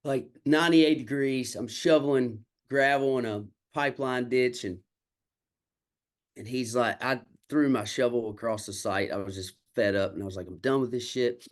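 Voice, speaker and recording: A man's voice: medium pitch, fairly even intonation, normal speed. A man from Kentucky, a country singer and songwriter telling candid, salty stories in a casual interview and acting out the people he quotes. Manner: candid, salty storyteller who acts out quoted exchanges.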